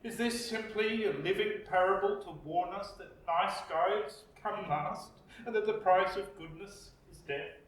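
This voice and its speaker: A man with an Australian accent preaching a reflective sermon as pastor, slow with dramatic pauses. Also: high-pitched, a bit bright. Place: church. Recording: echoey church, distant mic.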